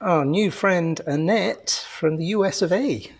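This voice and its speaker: A man's voice: high-pitched, measured pace. A man co-hosting a casual live stream, teasing dryly and reading out viewers' names. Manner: dry, teasing, reads out names. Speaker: co-host.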